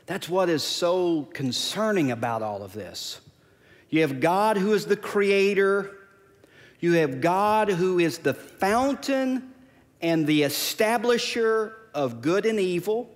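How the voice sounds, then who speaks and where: A man's voice: high voice, expressive, slow pace, in a large hall. A pastor preaching a sermon, emphatic and repeating his key phrases. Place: church sanctuary.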